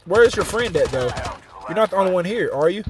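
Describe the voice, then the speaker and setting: A man's voice: high-pitched, animated, fast talker, noisy background. A man streaming a game live, chatting casually with viewers and telling a story between plays. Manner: casual, chatty, retells a story while playing and thanking viewers.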